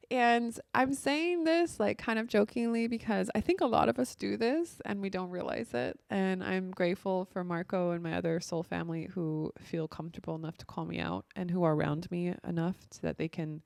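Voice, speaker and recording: A woman's voice: lowish voice, gravelly, a little mellow, dry recording, clean studio sound. A young adult woman talking casually about her life, a spiritual coach who fills her talk with "like" and "you know.". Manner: chatty, heavy use of "like" and "you know". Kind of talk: casual monologue.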